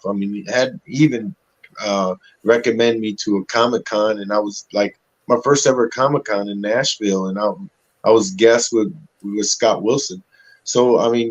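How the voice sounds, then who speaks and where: A man guest telling stories in a casual interview, animated, acting out the voices of people he quotes, talking through a webcam on a video call. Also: on the low side. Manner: animated storyteller who acts out quoted voices. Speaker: actor guest. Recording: dull lo-fi audio.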